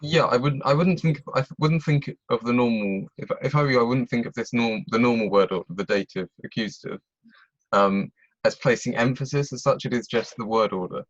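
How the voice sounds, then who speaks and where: A man's voice: mid-range voice, a little fast, no room sound, muffled recording. A man tutoring German on a video call, explaining step by step and checking that his students follow. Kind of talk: online tutoring lesson.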